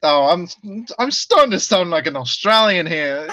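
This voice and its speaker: A man from Guatemala co-hosting a casual movie review podcast, laid-back and quick to laugh. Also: a little high, sharp tone, dry recording. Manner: laid-back, laughs easily, repeats himself. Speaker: podcast co-host.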